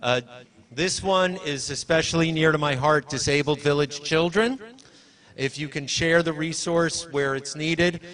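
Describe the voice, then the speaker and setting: Bright, chatty man presenting live. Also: fairly high pitch, measured pace. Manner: chatty, rambling, self-correcting, directs tech helpers. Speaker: presenter at a library launch. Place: university event hall.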